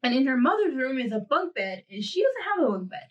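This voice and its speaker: A woman's voice: sits high, big pitch swings, fairly quick, far from the mic, muffled recording. A woman hosting a podcast, telling a long dream story in casual chat, acting out the quotes and laughing often. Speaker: podcast host.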